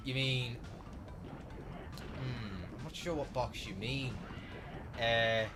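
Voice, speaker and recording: A man's voice: medium pitch, slow, over loud music. A man streaming a game live, chatting loosely and crudely with his viewers in a rambling way. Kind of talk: casual live-stream chat while gaming.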